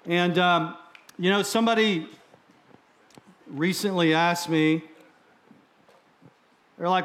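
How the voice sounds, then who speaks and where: A man's voice: sits high, slow, long pauses, a bit bright. A man from Texas, a guest speaker, preaching a sermon in a joking, conversational way in a church. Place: church sanctuary.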